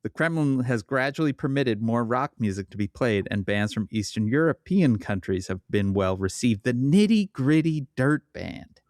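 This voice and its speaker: A man's voice: mid-range voice, lively intonation, normal speed, a little mellow, no room sound, studio quality. A man co-hosting a podcast in casual chat, reading items aloud and giving brief, amused replies. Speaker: podcast co-host.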